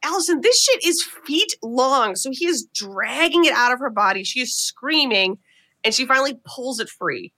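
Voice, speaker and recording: A young adult woman hosting a comedy podcast, retelling a horror film in a lively, chatty way with lots of fillers. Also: sits high, moderate pace. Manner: animated storytelling with many "like" fillers. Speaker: podcast host. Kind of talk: casual comedic film recap.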